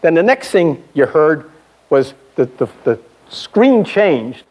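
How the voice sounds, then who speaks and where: Animated older man telling a story. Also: a little high, slow pace. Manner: animated storyteller, voice climbing with excitement, chatty asides to the audience. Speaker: sales trainer. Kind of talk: storytelling seminar talk.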